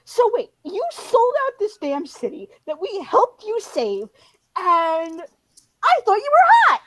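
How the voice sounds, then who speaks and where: A woman's voice: very high-pitched, very animated, measured pace, pitched above the performer's own voice, exaggerated voice, low-quality recording. A woman doing a hot-headed young male ranger. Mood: indignant. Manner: loud, indignant outburst.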